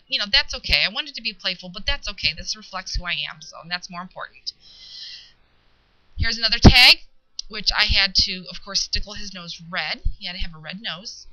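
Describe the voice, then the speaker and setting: A woman chatting casually through a craft show-and-tell, relaxed and pausing mid-sentence to find her words. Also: mid-range voice. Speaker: craft video maker. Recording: dull lo-fi home video audio.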